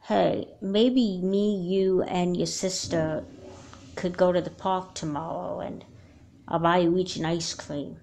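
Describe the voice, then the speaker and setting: A woman voicing a soft-spoken, apologetic young girl in a homemade doll movie. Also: on the low side, fairly even intonation, takes it slowly, gravelly, a little hiss or hum.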